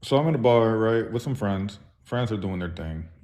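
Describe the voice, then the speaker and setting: A man's voice: on the low side, expressive, normal speed, a little mellow. Laid-back man telling a bar story. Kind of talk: casual chat.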